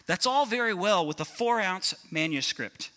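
A man's voice: sits high, lively intonation, normal speed, pushed and bright. A man doing a dry matter-of-fact sculptor.

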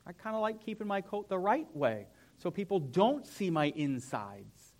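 A young man, a pastor, preaching a sermon in a church in an animated, conversational way. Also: high voice, normal speed. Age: young adult. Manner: animated, conversational, acts out whiny voices. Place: church sanctuary.

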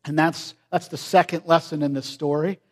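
A man preaching a sermon in an earnest, emphatic way, swinging from loud stresses to hushed lines. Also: on the high side, steady tone, moderate pace.

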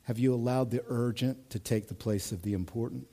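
Here a pastor in his thirties preaches at a normal pace in a medium-pitched voice. His delivery is animated and chatty, dropping to a hush and then rising loud again.

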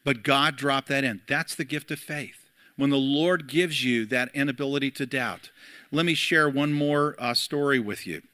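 A man's voice: mid-range voice, moderate pace, sharp tone, no echo. A middle-aged man, a pastor, preaching a sermon and telling a story to his church, with frequent fillers.

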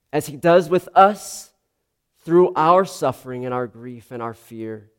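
Slow, earnest male preacher. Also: on the high side, darkish tone. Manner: slow, earnest, with frequent restarts and ums. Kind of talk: sermon.

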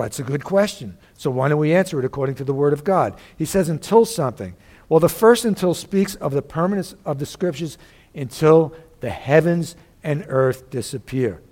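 A man with a somewhat high voice preaches to his church with emphatic force. He rises and falls in his delivery and keeps prompting the congregation with quick questions. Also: a little mellow. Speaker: pastor. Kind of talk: sermon.

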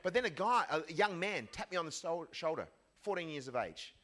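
An Australian man speaking to a live audience, his voice sitting fairly high. He tells stories in a jokey, self-deprecating way. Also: animated, brisk, fairly bright tone. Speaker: ministry CEO and speaker. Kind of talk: live public talk with anecdotes.

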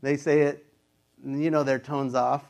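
A man's voice: mid-range voice, little pitch movement, normal speed, gravelly, a little mellow. A man in his fifties, a pastor, preaching a sermon in a casual, conversational way, sometimes acting out the voices he quotes.

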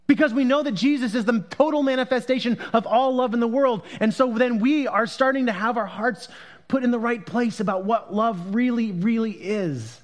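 A man preaching a sermon in a conversational way, rising to loud emphatic peaks and dropping to quiet, hushed passages as he reads scripture. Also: high-pitched. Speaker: pastor.

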